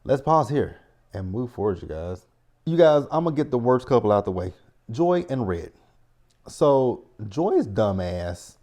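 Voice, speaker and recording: A man's voice: on the low side, mellow. A man hosting a reality TV recap, talking bluntly and profanely in an exasperated, ranting way. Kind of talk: casual recap commentary.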